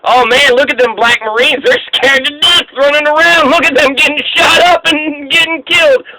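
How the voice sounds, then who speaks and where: A man's voice: very high voice, normal speed, background noise, pitched above the performer's own voice. A man mocking a gloating old slaveholder poet. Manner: exaggerated mocking delight. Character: gleeful, gloating old-time male slaveholder poet, mocked.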